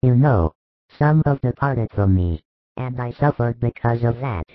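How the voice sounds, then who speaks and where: In a religious audio drama, a man voices a spiritual master who is calm and patient, offering measured teaching in a lightly acted, calm manner. His pitch is an ordinary male one, and the tinny, phone-like recording is dry and thin with no room sound.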